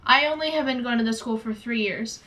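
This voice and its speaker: Bright, high-voiced teen girl. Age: late teens. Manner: quick, chatty, laughs easily. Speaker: guest friend. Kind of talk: casual chat. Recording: voice from a distant mic.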